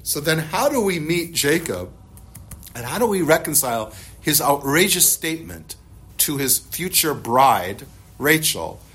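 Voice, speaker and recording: A middle-aged man teaching a Bible class, explaining the text and telling personal stories while asking his listeners questions. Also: medium pitch. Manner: animated, storytelling, asks the class questions.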